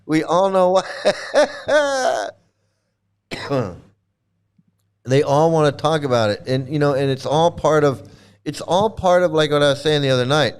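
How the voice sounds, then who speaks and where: Smooth-voiced man ranting mockingly. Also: fairly high pitch, expressive, a little slow, pauses often. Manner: mocking, profane, laughs often, repeats himself. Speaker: livestream host. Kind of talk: profane ranting commentary.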